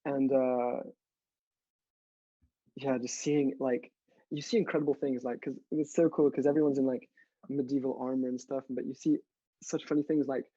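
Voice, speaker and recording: Young male guest from France, mellow dry voice, eager and chatty, slightly dull audio. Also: medium pitch, little pitch movement, moderate pace, pauses often, no room sound. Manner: chatty, enthusiastic, many fillers. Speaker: actor guest. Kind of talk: casual interview chat.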